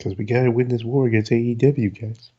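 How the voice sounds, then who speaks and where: A man's voice: medium pitch, steady tone, fairly quick, warm tone. A man co-hosting a wrestling news podcast in casual chat, chiming in with joking, crude asides. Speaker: podcast co-host. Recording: dull lo-fi audio.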